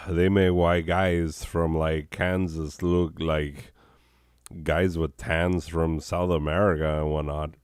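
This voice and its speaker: A hoarse, sick man hosting a comedy show, rambling in a deadpan way with chuckles and coughs. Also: a bass voice, slow pace, no room sound.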